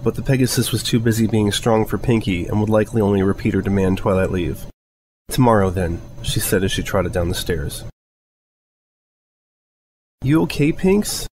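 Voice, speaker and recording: A man with a fairly low voice reads a story aloud. His narration is calm and even. A faint hiss sits under the recording. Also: low-quality recording. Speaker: fanfiction reader.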